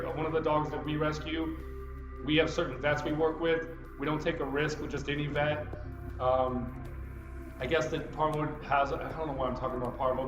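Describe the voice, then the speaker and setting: Man with a slightly high voice, talkative and wandering off topic; roomy, slightly muffled recording with music underneath. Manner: chatty, digressive, loose and unpolished. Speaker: real estate group admin making a tutorial. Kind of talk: casual rambling screen-recording vlog. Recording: roomy, slightly dull sound with music behind.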